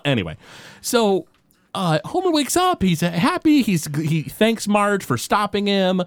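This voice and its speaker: Animated man retelling a cartoon plot. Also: high-pitched, no room sound. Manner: animated retelling with lots of restarts and quick paraphrased quotes. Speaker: podcast co-host recapping a cartoon episode. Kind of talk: casual chat.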